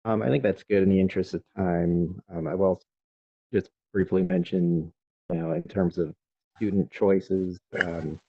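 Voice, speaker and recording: A man on a panel discussing education privacy law, careful and measured, with frequent ums. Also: low-pitched, creaky, mellow, slightly rough, no room sound, highs cut off.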